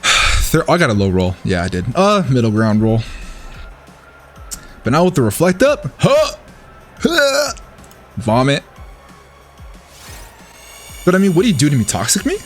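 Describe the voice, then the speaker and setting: A man's voice: medium pitch, normal speed, pauses often, soft background music. A man casually commentating his own competitive match, thinking aloud and cheering his plays. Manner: excitable, thinks aloud, talks to the opponent.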